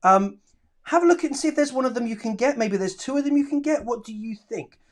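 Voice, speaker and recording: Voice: mid-range voice, lively intonation, fairly quick. Encouraging teacher in an online lesson. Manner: encouraging, praising, reads out answers. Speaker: primary school teacher. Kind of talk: live online lesson for children.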